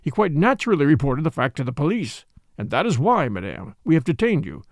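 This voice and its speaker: A man's voice: on the high side, very animated, a little fast, no room sound, studio quality. A man reading an audiobook voices a pompous, self-important French police commissary who speaks formally. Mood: grave.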